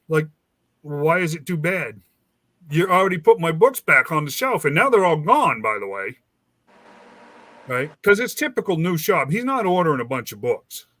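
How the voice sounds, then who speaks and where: A man tells a long, rambling story in a casual chat and slips into the voices of the people in it. His voice sits a little high and sounds bright and forceful. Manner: rambling, animated, acts out quoted dialogue. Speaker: host.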